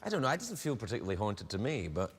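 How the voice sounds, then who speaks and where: Teasing Scottish man, lively voice. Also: fairly low pitch, racing, husky. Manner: playful, teasing, restarts his sentences. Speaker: talk show host. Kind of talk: casual chat. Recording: reverberant studio hall.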